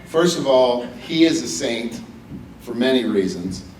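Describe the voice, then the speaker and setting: A man's voice: mid-range voice, animated, unhurried, darkish tone, recorded from a distance, slight background noise. A middle-aged man from West Virginia giving a personal, joking hall of fame acceptance speech at a podium. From West Virginia, USA. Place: banquet hall with audience. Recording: echoey hall, speaker a bit off mic.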